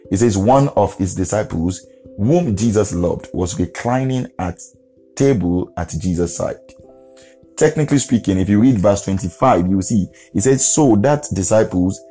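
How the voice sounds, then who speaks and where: A man's voice: lowish voice, dark tone. A man preaching an earnest devotional podcast sermon, repeating phrases for emphasis.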